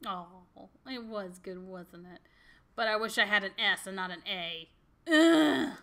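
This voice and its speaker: A woman's voice: medium pitch, steady tone, moderate pace, bright, forceful tone. A young woman giving giggly, exclamatory commentary while playing a dating game, over faint music. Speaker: gamer.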